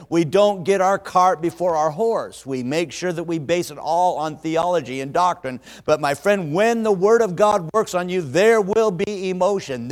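A man preaching a sermon, emphatic and energetic, dropping his voice low when he prays. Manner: energetic, emphatic, hushed in prayer. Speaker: pastor. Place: church auditorium. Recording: long hall reverb.

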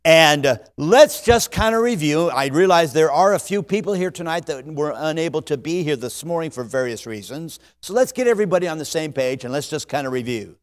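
A man preaching a sermon, emphatic and energetic, dropping his voice low when he prays. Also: a little fast, hardly any pauses. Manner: energetic, emphatic, hushed in prayer. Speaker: pastor. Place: church auditorium. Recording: long hall reverb.

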